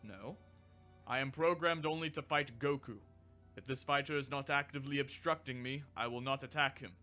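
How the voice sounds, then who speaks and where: A man's voice: mid-range voice, moderate pace, bright, forceful tone, faint music behind, close to an everyday voice. Guy doing a stiff robot fighter, clipped and mechanical, fan audiobook. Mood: flat. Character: large male combat android, flat and literal.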